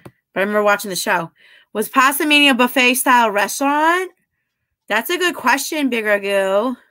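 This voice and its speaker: A woman's voice: a little high, lively intonation, moderate pace, sharp tone, no room sound. A woman chatting casually on a livestream, giggling and flirting as she reads and answers her viewers' comments. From half Italian heritage. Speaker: livestreamer reading chat.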